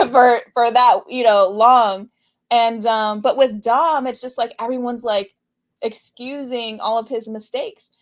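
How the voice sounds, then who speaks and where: A woman's voice: a little high, fairly even intonation, slow. A woman co-hosting a casual podcast, chatting animatedly about the week's wrestling, laughing often and trailing off mid-thought. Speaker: podcast co-host. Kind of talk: casual wrestling recap chat.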